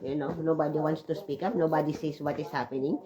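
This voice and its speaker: A woman's voice: deep voice, steady tone, quick pace, mellow, poor audio. Chatty emotional woman. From Switzerland. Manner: emotional, tearful at times, chatty with many fillers. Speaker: vlogger. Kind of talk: rambling personal vlog.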